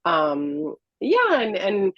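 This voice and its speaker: A woman's voice: mid-range voice, wildly swooping pitch, drawn-out words, dry recording. A woman moderating a panel, posing a question hesitantly with many fillers. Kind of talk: roundtable discussion. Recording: dry, muffled audio.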